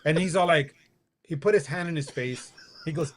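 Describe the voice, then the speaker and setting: With a voice on the high side and a moderate pace, this podcast guest, probably in his forties, shares a personal anecdote. He performs the quoted lines himself and laughs throughout the casual telling.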